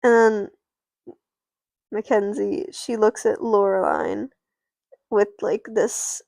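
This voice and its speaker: A woman's voice: medium pitch, wildly swooping pitch, slow pace, vocal fry, a little mellow, no room sound. A woman casually narrating her doll play, rambling and often stopping herself mid-sentence. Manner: rambling, self-interrupting.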